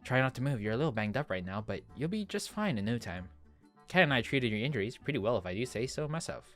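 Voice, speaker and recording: Man reading as a teasing energetic young woman. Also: mid-range voice, quick pace, faint music behind. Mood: caring. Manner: teasing, lightly mocking.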